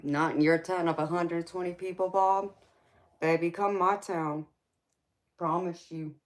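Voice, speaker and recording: A woman's voice: fairly low pitch, fairly even intonation, unhurried. A woman with a Southern US accent, a tarot reader hosting a casual livestream chat, teasing viewers and calling them baby.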